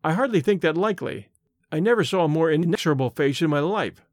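A man's voice: a little high, animated, fast, no echo, clean studio sound. A man voicing a shaken young Victorian engineer who speaks in an earnest, anxious way.

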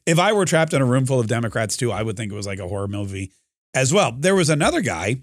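A man's voice: medium pitch, big pitch swings, fast, dry recording, studio quality. A man hosting a commentary podcast, talking in a rambling, sarcastic way with many fillers and restarts. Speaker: podcast host. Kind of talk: casual commentary monologue.

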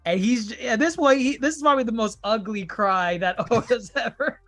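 A man co-hosting a podcast, chatting casually and enthusiastically, quoting characters in a low mumble. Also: normal speed, a bit bright, faint music behind. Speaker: podcast co-host.

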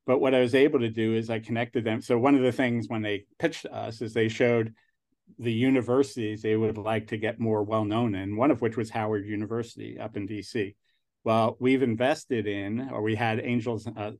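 A man's voice: on the low side, fairly even intonation, moderate pace, darkish tone. A man in his sixties with a New York accent, a guest talking casually in an interview and rambling with frequent restarts. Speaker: angel investor guest.

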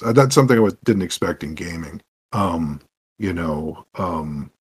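Husky guy rambling through a gaming story, lowish voice, lots of asides. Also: moderate pace. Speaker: guest, game master. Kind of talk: podcast conversation, telling stories.

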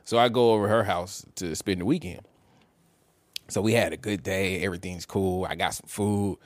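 A man's voice: low-pitched, normal speed, no room sound. A man, co-hosting a podcast and telling a casual story, laughing and acting out what people said. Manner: animated, laughing, acts out quotes. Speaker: podcast co-host.

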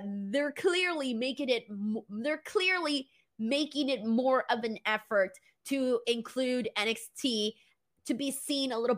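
Female host for a casual wrestling live stream: animated, quick to laugh, slightly high-pitched.

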